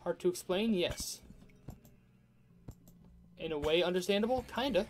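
A gamer commentating their own playthrough, excitable and talking back to enemies with frequent outbursts. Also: mid-range voice, normal speed, pauses often. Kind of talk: let's play commentary.

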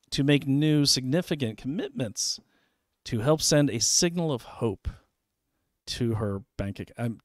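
A man's voice: mid-range voice, darkish tone, no echo, studio quality. A man hosting a show, reading documents aloud with sarcastic asides in a casual, conversational way. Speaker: show host.

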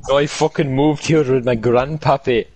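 A man's voice: medium pitch, fairly even intonation, normal speed, a little mellow, low-quality recording. Brash young man with a put-on Irish accent. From Australia. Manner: brash, heavy swearing, mock-aggressive banter. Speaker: gaming streamer. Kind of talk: casual gaming chat.

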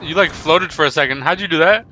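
A young man talking casually with friends during a shooter game, quick with defensive comebacks. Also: a little high, background noise. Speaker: gamer. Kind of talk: casual gaming chat with friends.

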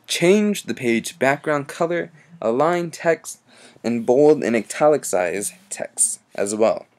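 A young man hosting a coding tutorial, casually reading out the steps and adding his own remarks, with frequent ums and restarts. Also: medium pitch. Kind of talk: screen-recorded coding walkthrough.

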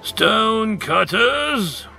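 A harsh, demanding High King barks his orders slowly and loudly, as a man reading aloud puts him on. The voice sits a little high, with a gravelly edge. Music plays clearly behind him. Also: animated, exaggerated voice. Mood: fierce. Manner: slow, commanding, raised voice.

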